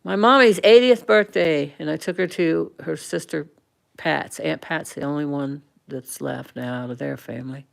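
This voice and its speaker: An older woman in her sixties hosts a casual livestream and chats to her viewers. Her low voice has a heavy gravelly fry, and she rambles along with plenty of fillers and restarts. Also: moderate pace. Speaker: livestream host.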